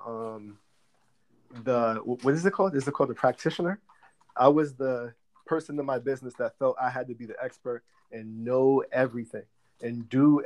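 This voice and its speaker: Guest spot: young adult man, earnest and explanatory, mid-pitched voice. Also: darkish tone. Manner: earnest, explanatory, with frequent "um" and "you know". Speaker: guest, credit repair business director. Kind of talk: conversational interview answers.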